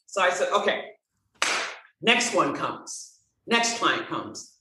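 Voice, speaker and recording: Expressive woman, roomy and off-mic. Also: low voice, slow, long pauses, recorded from a distance, slight background noise. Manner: animated, expressive storyteller who acts out dialogue. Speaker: guest. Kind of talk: storytelling interview chat.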